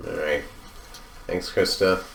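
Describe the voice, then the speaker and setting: A man with an extremely deep voice, musing through questions in a dry, offhand way and swearing casually. The sound is roomy, with echo, and he sits back from the mic. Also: fairly even intonation, takes it slowly, vocal fry, a bit bright, far from the mic. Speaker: podcast co-host. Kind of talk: casual chat.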